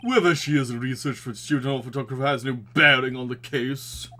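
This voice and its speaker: A man's voice: medium pitch, fairly quick, bright, forceful tone, natural voice. A man voicing an arrogant, dismissive male prosecutor in a courtroom game. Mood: haughty. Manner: haughty, curt.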